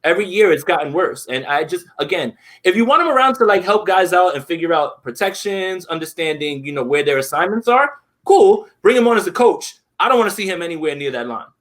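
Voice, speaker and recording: Higher-pitched guy on a sports podcast, animated, keeps restarting his sentences. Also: brisk. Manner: animated, many fillers and restarts. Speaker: podcast co-host. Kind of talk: casual sports talk.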